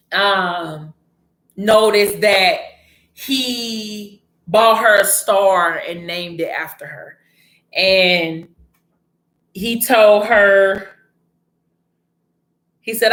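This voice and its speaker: A woman's voice: mid-range voice, extremely slow, pauses often, a bit bright, echoey room. A woman casually retelling a story to camera in a chatty manner, breaking off now and then to scold someone nearby.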